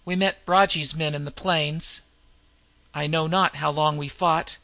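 A man's voice: on the high side, steady tone, unhurried, pushed and bright, dry recording. A man voicing a dazed, grim young barbarian warrior in a read-aloud fantasy tale. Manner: hazy, dazed delivery.

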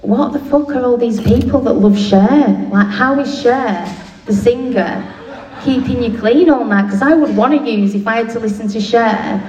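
A woman's voice: on the high side, normal speed, darkish tone, muffled recording. A woman giving a candid, funny share at a recovery meeting, swearing bluntly and laughing at herself. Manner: blunt, swearing, self-mocking humour. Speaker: speaker sharing at a recovery meeting. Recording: echoey room, distant mic, faint noise.

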